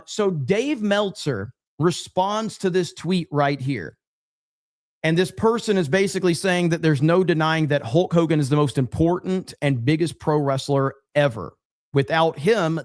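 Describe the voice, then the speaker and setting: A man's voice: a little high, normal speed, dry recording, studio quality. A man hosting a livestream, reading super chats and rambling sarcastically to his chat. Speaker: livestream host. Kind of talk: casual livestream commentary.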